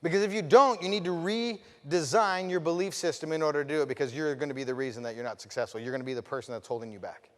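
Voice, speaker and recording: A man delivers a motivational keynote in a large hall, and the long reverb trails after his words. His voice sits a little high for a man. He swings between fired-up, loud bursts and quiet, intimate stretches while he asks the crowd direct questions. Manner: addresses the audience directly with questions. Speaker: motivational speaker. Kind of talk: storytelling keynote speech.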